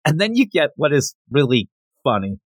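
A man's voice: fairly high pitch, very animated, moderate pace, dry recording. A man hosting a casual podcast, recapping a comic chapter in a chatty, slangy way and reading characters' lines aloud. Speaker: podcast host.

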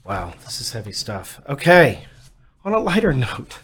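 A man with a mid-range voice hosts a podcast. He speaks conversationally and answers his guest with quick affirmations. His tone is relaxed and easy. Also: mid-range voice. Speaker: podcast host. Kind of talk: casual podcast chat.

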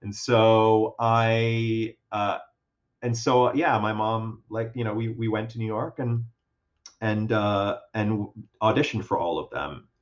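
A young man telling a story in a casual chat, animated and self-deprecating, with lots of fillers and restarts. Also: on the low side, takes it slowly. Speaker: guest. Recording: dull lo-fi sound.

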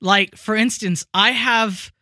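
A man's voice: sits high, slow, no echo, studio quality. A young man co-hosting a podcast, rambling through his opinions with jokes. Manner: animated, rambling, joking. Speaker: podcast co-host. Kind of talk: casual chat.

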